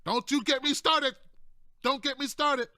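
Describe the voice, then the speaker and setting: A man doing a smug party insider, high and bright. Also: steady tone, a little slow, exaggerated voice. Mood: taunting.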